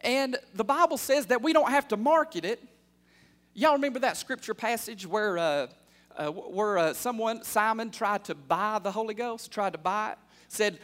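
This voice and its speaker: A man in his thirties preaching a sermon as pastor, calling out for amens and building from quiet asides to fervent shouts. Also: high-pitched, moderate pace. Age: 30s. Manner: call-and-response preaching, building to loud fervor.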